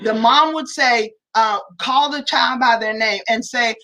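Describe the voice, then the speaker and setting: A woman's voice: a little high, moderate pace, sharp tone, low-quality recording. A woman co-hosting a family talk livestream, telling stories animatedly and calling her viewers y'all. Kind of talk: casual livestream chat.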